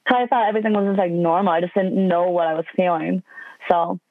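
A woman's voice: fairly even intonation, fast talker, a little hiss or hum. Chatty young woman on a phone line. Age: young adult. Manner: chatty, quotes herself in higher voice, laughs often. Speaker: podcast guest. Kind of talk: casual interview.

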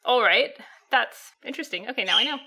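A woman's voice: on the high side, expressive, brisk, creaky, bright, forceful tone, husky. A woman playing a tabletop role-playing game, chatting playfully. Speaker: player. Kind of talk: casual tabletop game chat.

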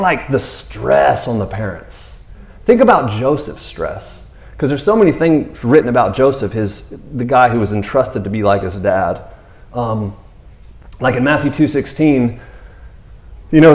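A man preaching a sermon in a relaxed, conversational way, acting out quotes playfully. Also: mid-range voice, roomy sound. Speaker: pastor.

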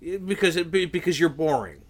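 A man's voice: fairly high pitch, lively intonation, fairly quick. A man, podcast co-host telling a rambling story in casual chat, stammering and swearing a lot.

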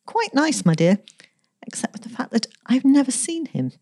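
A woman voicing a calm, teasing, kind-hearted young woman who speaks drily and cheerfully. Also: high-pitched, moderate pace, vocal fry, breathy edge, no echo, studio quality, voice pushed up, exaggerated voice. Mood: dry.

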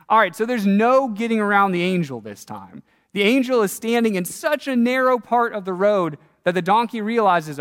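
A man preaching a sermon, reading scripture and retelling it with animated storytelling and questions to his listeners. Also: high voice, big-room sound. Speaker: pastor.

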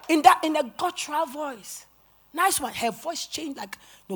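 A woman pastor preaching a sermon, telling a story with animated acted-out quotes and rising to shouts. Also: medium pitch, fast talker, slightly rough. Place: church sanctuary.

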